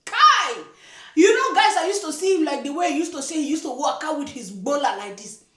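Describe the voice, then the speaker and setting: A woman's voice: sits high, lively intonation, quick pace, a little mellow. Scolding woman reacting, echoey room. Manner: scolding, indignant, emphatic repetition. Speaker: YouTube reaction commentator. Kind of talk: casual reaction commentary.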